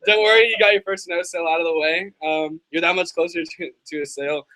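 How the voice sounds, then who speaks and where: A man in a training workshop tries out a coaching script in a role-play. He pauses often, filling gaps with ums, and his voice sits a little high, with a faint hiss underneath. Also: steady tone, sharp tone, rough recording. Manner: hesitant, with many ums. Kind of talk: sales role-play exercise.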